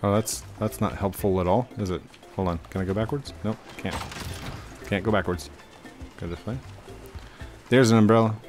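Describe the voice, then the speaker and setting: This let's-play host talks casually and to himself as he games, restarting lines and pausing often. His voice sits on the low side at a normal speed, with game music in the background.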